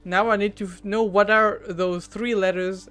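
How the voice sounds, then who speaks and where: A woman's voice: medium pitch, steady tone, moderate pace, fairly bright tone, faint music behind. A woman streamer with a French accent, chatting casually while gaming, teasing herself, stammering and giggling.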